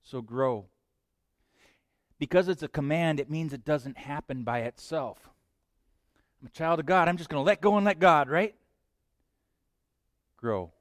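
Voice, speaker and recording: A man preaching a sermon as pastor, swinging between hushed lines and loud bursts. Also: on the high side, normal speed, long pauses, no room sound, studio quality.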